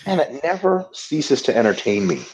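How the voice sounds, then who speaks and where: A man co-hosting a casual webinar, joking and swearing as he tells animated stories. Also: medium pitch, normal speed, husky. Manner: profane, joking, animated storytelling. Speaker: webinar co-host. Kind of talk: casual chat. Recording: dull lo-fi audio.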